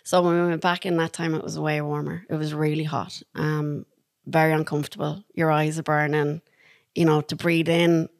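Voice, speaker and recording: A woman's voice: low-pitched, moderate pace, no echo, studio quality. Chatty Irish woman telling stories. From Ireland. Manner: chatty and animated, laughing through anecdotes. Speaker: podcast guest. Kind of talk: casual storytelling.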